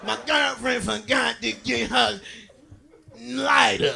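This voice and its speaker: A man doing a stand-up comedy routine on stage, boisterous and talking straight to the audience, laughing through his lines and shouting his punchlines. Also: extremely high pitch, fairly even intonation, slow pace, vocal fry, crowd noise.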